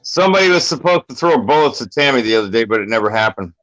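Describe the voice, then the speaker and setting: A man's voice: medium pitch, lively intonation, fast, fairly bright tone, no room sound. A man in his fifties calling in, telling crude joking stories with lots of swearing. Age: 50s. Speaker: caller. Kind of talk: casual profane chat. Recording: dull dry call line.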